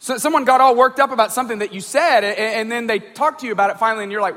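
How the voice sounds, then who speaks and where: A man's voice: very high-pitched, rapid-fire, hardly any pauses, a bit bright, in a large hall. A man giving an informal talk to a group, conversational, often repeating words and checking in with the audience. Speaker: speaker addressing a group.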